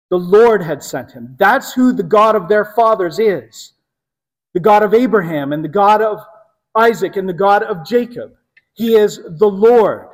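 A man preaching a sermon, teaching earnestly with slow, emphatic phrasing. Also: high-pitched, in a large hall. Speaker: pastor.

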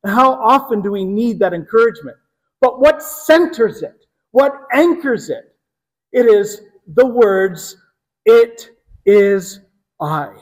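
A man preaching a sermon, teaching earnestly with slow, emphatic phrasing. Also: sits high, lively intonation, long reverb tail. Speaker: pastor.

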